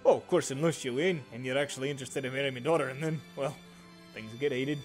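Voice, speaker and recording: Man voicing a dwarf king, gruff, jovial, folksy, saying aye and lad, mid pitch, faint music behind. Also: fast talker, lightly acted. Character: hearty male dwarf king, gruff but friendly.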